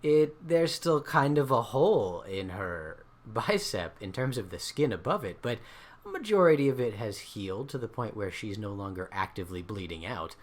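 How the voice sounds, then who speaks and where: A male dungeon master narrates the scene with lively, swinging pitch. He is playful and animated, breaking into laughs as he describes the action. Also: normal speed. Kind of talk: narrating a tabletop game.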